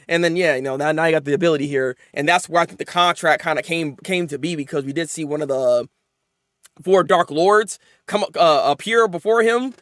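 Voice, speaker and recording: A man excitedly recapping anime episodes in casual chat, laughing often and acting out characters' lines. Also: a little high, brisk, no room sound, clean studio sound. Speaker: anime reviewer.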